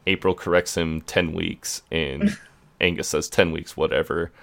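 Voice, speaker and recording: A man's voice: sits low, flat delivery, unhurried, creaky, a bit bright. A British man co-hosting a podcast, telling a TV plot in a dry, matter-of-fact way. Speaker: podcast co-host. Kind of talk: casual chat recapping a TV episode.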